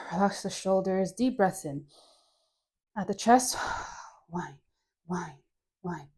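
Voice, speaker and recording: A woman with a Caribbean accent leading a guided dance class, relaxed and playful, counting moves and sighing through deep breaths. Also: slow, slightly rough. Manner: playful, laughs at her own jokes. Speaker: dance instructor.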